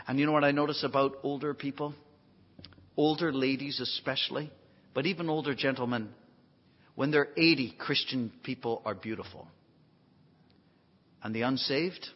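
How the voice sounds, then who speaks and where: A man preaching a sermon, swinging from quiet folksy asides to emphatic near-shouts, with self-deprecating humor. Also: medium pitch, normal speed, pauses often. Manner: emphatic, rising to near shouts on key phrases. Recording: dull lo-fi recording in a long-reverb hall.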